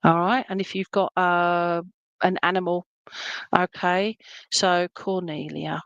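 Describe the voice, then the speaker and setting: A woman's voice: fairly low pitch, little pitch movement, slow pace, a bit bright, clean tone, no room sound, highs cut off. Chatty woman giving psychic readings. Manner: chatty, relays messages and checks in with "okay?" and "all right?". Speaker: psychic medium. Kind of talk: live psychic reading for online viewers.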